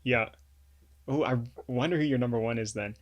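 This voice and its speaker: A young man co-hosting a podcast, chatting in a relaxed way with lots of slang and fillers. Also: mid-range voice, normal speed, dull audio, a crowd in the background. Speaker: podcast co-host. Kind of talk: casual chat.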